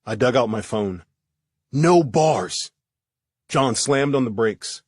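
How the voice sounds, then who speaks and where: A man's voice: medium pitch, normal speed, dry recording, clean studio sound. Man narrating a thriller audiobook. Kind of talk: first-person thriller narration.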